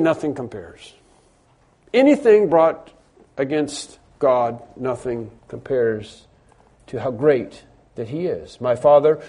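A man preaching a sermon, stressing words loudly and then dropping low, often repeating phrases. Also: very animated, takes it slowly, breathy edge. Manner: emphatic, repeats phrases, swings between loud stresses and quiet drops.

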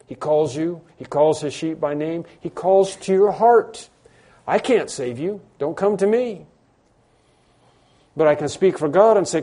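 A pastor in mid-sermon, a man whose voice sits fairly high yet sounds mellow and warm. He preaches earnestly, circling back to the same phrases again and again and restarting his sentences as he presses his point.

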